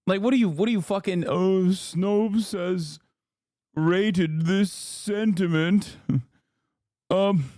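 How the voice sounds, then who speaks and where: A man's voice: high voice, fairly even intonation, takes it slowly, dark tone, no echo, studio quality. A man streaming his reactions to clips, mocking and swearing in casual talk. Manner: crude, mocking, blurts reactions.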